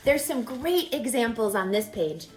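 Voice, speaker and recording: A woman teacher reads a rhyming picture book aloud, playful and expressive, then talks it over with young listeners. Her voice sits a little high, and she takes her time. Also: measured pace, soft background music. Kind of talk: read-aloud storytelling and lesson.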